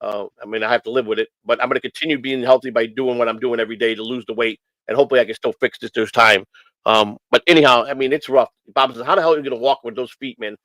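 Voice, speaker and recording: A man talks on a casual morning stream, circling back and restarting his sentences again and again. His voice sits at an ordinary middle pitch, and the sound is dry and close. He comes across as earnest and emotional. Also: steady tone, quick pace, fairly bright tone, no echo, poor audio. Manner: rambling, repeats phrases, many restarts. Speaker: host of a morning stream show. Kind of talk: casual rambling talk.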